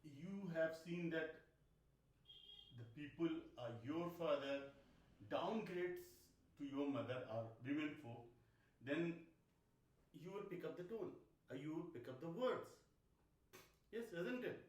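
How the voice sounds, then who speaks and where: A man's voice: on the high side, lively intonation, unhurried, long pauses, darkish tone. A man giving a university lecture to a class, asking questions and repeating phrases. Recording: echoey classroom, speaker far from mic.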